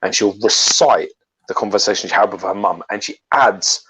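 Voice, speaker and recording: Husky, low-voiced man. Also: moderate pace, rough recording. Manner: animated storyteller, repeats words when starting sentences. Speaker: co-host of a collectibles chat show. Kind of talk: casual chat.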